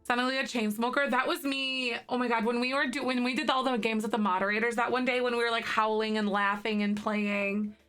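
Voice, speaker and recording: A woman in her thirties chatting with live viewers in a bubbly, rambling, giggly way. Her voice is slightly hoarse from morning throat. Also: a little high, steady tone, a little fast, few pauses, a bit bright, soft background music. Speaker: livestreamer. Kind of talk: casual chat with live viewers.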